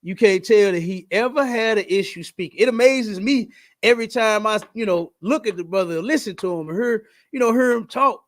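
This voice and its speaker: A man hosting a podcast in casual chat, talking in an emphatic, preachy way and repeating his points. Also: high voice. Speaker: podcast host.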